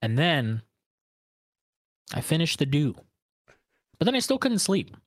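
A young man telling a crude story in casual podcast chat, breaking into loud indignant outbursts. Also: on the high side, sing-song, a little slow, no echo, clean studio sound. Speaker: podcast co-host.

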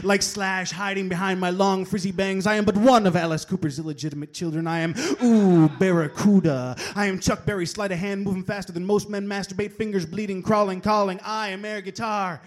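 Slam poet: man, high voice, rhythmic chant that erupts into shouts. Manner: rhythmic, builds to shouted bursts. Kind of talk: performance poetry.

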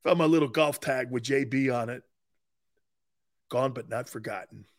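A man in his sixties hosting a sports talk show, telling loud, profane stories with frequent laughs. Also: medium pitch, moderate pace.

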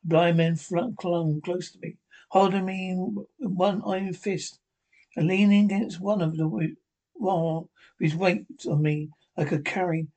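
A man's voice: high voice, little pitch movement, unhurried, darkish tone. A man reading a novel aloud as narrator, stumbling and restarting often. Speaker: audiobook narrator.

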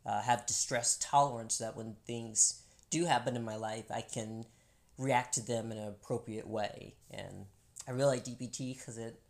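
A woman's voice: very deep voice, fairly even intonation, moderate pace, gravelly, darkish tone. A woman talking candidly in a casual couple's chat, laughing often and restarting her sentences.

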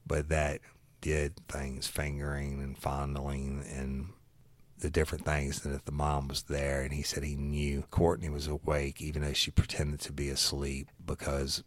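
A man's voice: a bass voice, dry recording. A man, a former investigator, recounting a case in casual, earnest, plain-spoken storytelling. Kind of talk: casual true-crime storytelling.

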